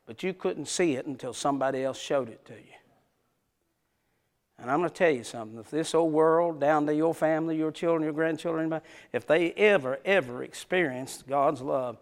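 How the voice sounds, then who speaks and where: A man preaching a sermon, telling stories, swinging from loud hollering to soft, tender passages in a folksy Southern preaching cadence. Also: a little high, brisk. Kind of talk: sermon with storytelling.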